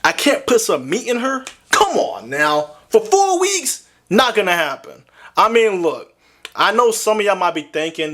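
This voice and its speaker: A young man hosting a would-you-rather video, talking casually to camera in an excitable, slangy way with lots of exclamations. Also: high-pitched, measured pace. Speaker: gaming video host.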